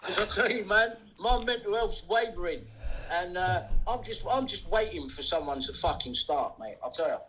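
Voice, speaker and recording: A man's voice: sits high, lively intonation, moderate pace, fairly bright tone, poor audio. A man ranting angrily on a livestream, swearing and taunting. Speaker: livestream host. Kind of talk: angry livestream rant.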